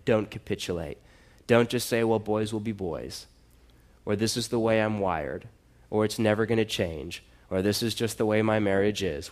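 Earnest conversational male pastor preaching. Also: fairly low pitch. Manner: earnest, conversational preaching with rising emphatic exhortations. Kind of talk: sermon.

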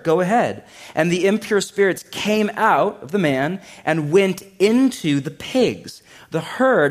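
Joking, conversational male pastor mid-sermon. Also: fairly high pitch.

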